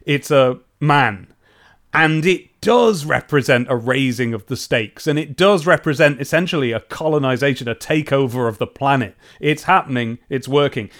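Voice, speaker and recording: A man's voice: medium pitch, normal speed, fairly bright tone. A man co-hosting a casual chat podcast, talking enthusiastically and animatedly, often breaking off and restarting. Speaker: podcast co-host.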